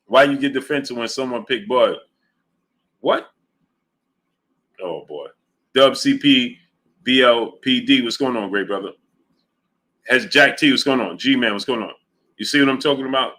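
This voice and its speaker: A man's voice: mid-range voice, moderate pace, pauses often, sharp tone. A man hosting a boxing livestream, arguing his points emphatically and repeating them while reading out viewer chat messages. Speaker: boxing show host.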